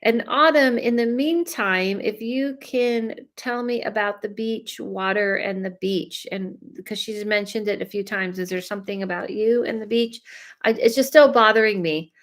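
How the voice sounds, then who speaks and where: A woman's voice: mid-range voice, fairly even intonation, moderate pace. A woman, chatting through a live psychic reading with lots of fillers, speaking straight to the people she reads for. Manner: chatty, many fillers, talks straight to viewers. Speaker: psychic medium. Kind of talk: live reading, casual chat.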